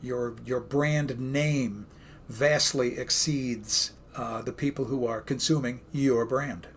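A man's voice: mid-range voice, steady tone, takes it slowly, a little hiss or hum. A man with a Brooklyn accent co-hosting a podcast, talking enthusiastically in a rambling, casual way. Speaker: co-host, communication professor. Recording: very echoey room.

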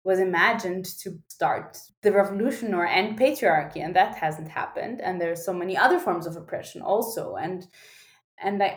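Animated young woman in a roomy space. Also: medium pitch. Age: young adult. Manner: animated, frequent laughs and restarts. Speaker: guest, singer and activist. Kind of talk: podcast interview. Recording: roomy echo.

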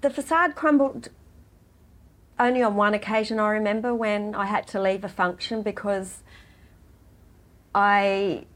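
A middle-aged woman speaks as an interview guest, her voice sitting at an ordinary middle pitch. She talks in a heartfelt, halting way, often restarting her sentences. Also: fairly even intonation. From Australia. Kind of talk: emotional personal interview.

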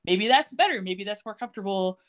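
A woman's voice: medium pitch, expressive, fairly quick, lightly acted. A woman voicing a blunt, charming young woman from a TV drama while retelling a scene, her own voice only slightly lifted. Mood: sweet, scheming.

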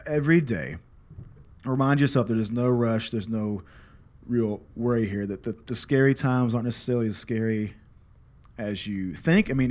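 A man in his thirties, a father and podcast host, telling a casual story in a candid, swearing, self-deprecating way that turns reflective. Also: on the low side.

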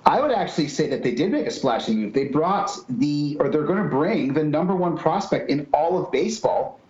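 A man's voice: a little high, animated, brisk, a little mellow, reverberant, dull audio. A Canadian man, a guest on a sports podcast, talking bluntly and jokingly in a casual chat.

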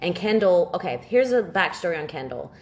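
A woman with a somewhat low voice chats casually as a podcast co-host. She tells long stories with energy and lively quoted lines, and swears freely as she goes. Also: fairly quick. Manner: animated storytelling, swears freely. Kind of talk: casual chat.

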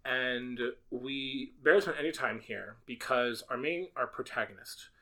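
Bright, excitable man reviewing a movie. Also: medium pitch, moderate pace. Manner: jokey, excitable, rambling. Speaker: podcast co-host. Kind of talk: casual movie review chat.

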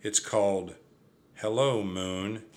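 A man's voice: fairly low pitch, steady tone, takes it slowly, darkish tone. An older man reading aloud and voicing a cautious, reluctant young boy who grumbles sensibly.

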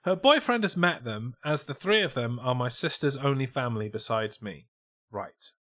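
A man's voice: mid-range voice, lively intonation, moderate pace, fairly bright tone. Dry sarcastic man. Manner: dry, reading out a post, sarcastic. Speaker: podcast co-host. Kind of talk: casual comedy chat.

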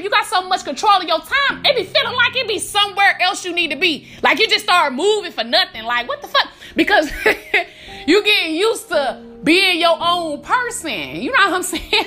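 Woman podcaster talking real loose, cussing and laughing, high bright voice, lil music under it. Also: normal speed. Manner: profane, animated, laughing, calls listener baby. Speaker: podcast host. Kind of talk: casual motivational monologue.

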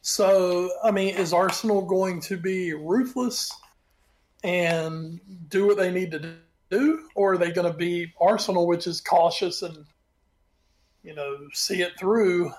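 A man's voice: sits high, measured pace. A man co-hosting a sports podcast, giving blunt, opinionated takes and laughing at his own jokes. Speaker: podcast co-host. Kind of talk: casual sports chat.

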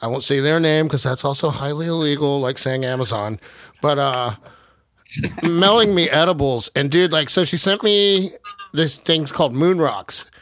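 This young man hosts a podcast and chats casually over a video call, laughing as he tells stories and swearing freely. He talks at a moderate pace with a fairly high pitch and fairly bright tone, and there is no room sound.

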